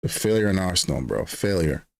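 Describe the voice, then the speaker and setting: A man hosting a fan watch-along, giving casual live match commentary in slang, swinging between flat grumbling and excited yelps. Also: sits low, brisk, creaky. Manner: slangy, keeps saying bro.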